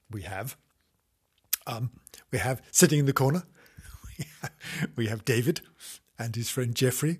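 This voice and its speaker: A man telling a comic mock children's story at a slow pace, chuckling and teasing as he goes. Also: mid-range voice, very animated, breathy edge.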